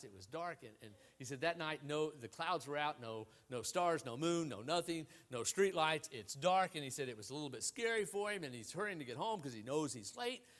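A man preaching a sermon, telling anecdotes with wide swings in pitch and loudness. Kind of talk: sermon with storytelling.

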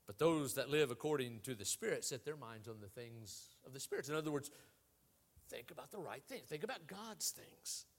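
A man preaching a sermon, telling anecdotes with wide swings in pitch and loudness. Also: lively intonation, moderate pace. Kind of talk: sermon with storytelling.

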